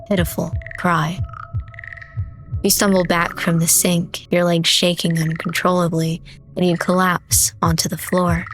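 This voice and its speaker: A woman streamer reading a horror visual novel aloud in steady, measured, dramatic narration. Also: lowish voice. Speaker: game streamer.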